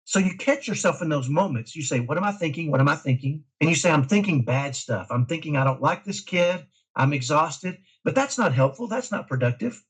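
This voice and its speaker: A middle-aged man from Dallas, a parent guest talking in an emphatic, energetic way in a casual interview. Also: on the high side, fairly quick, few pauses, breathy edge, low-quality recording. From Dallas, Texas. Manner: energetic, emphatic, self-described type A.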